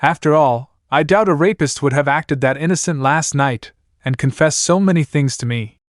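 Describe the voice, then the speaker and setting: A man's voice: on the high side, moderate pace, no echo, studio quality, natural voice. A man voicing a playful, confident young woman with a teasing manner.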